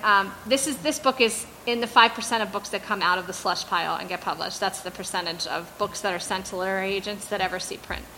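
A woman talks frankly and chattily to a bookstore audience about her first novel. Her voice is bright and crisp, at a mid pitch. She fills her speech with "like" and "you know". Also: slight background noise, poor audio. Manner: chatty, frank, with many fillers. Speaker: debut novelist. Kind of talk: candid talk at a book event. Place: bookstore event before an audience.

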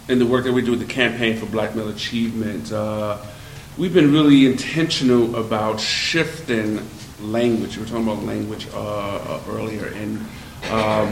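Male interviewer, slow and deliberate, lowish voice, roomy echo and faint hiss. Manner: deliberate, hesitant with fillers. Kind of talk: measured interview questions.

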